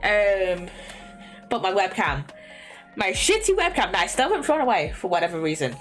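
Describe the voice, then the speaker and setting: A woman's voice: mid-range voice, big pitch swings, normal speed. A young woman chatting casually on a stream from her bedroom, rambling with lots of fillers, restarts and little laughs. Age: young adult. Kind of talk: casual chat. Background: faint lo-fi music.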